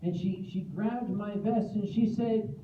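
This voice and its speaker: A man spins an animated, self-mocking tale at a convention, unhurried and fond of asides. He's caught from far back in an echoey hall, and the audio is thin and phone-like, with a faint hum of ambience underneath. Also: high voice. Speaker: convention guest speaker. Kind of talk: comic storytelling speech.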